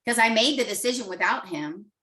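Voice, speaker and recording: A woman's voice: a little high, animated, fairly quick, bright, forceful tone, recorded from a distance, low-quality recording. A middle-aged woman telling an open, heartfelt personal story as a guest. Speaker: guest client.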